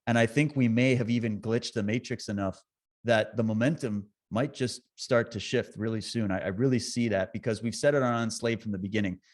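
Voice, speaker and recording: A man talking as a podcast guest, telling stories in an animated, swearing, fired-up way with quick impressions. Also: fairly low pitch. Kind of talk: casual conversation.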